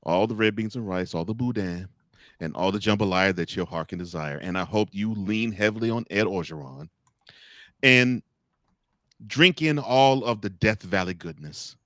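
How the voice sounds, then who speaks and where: A man's voice: fairly low pitch, moderate pace, no room sound. A man hosting a college football talk segment, joking and speaking straight to the coaches and officials he discusses. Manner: animated, joking, talks straight to the people he discusses. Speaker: sports talk host.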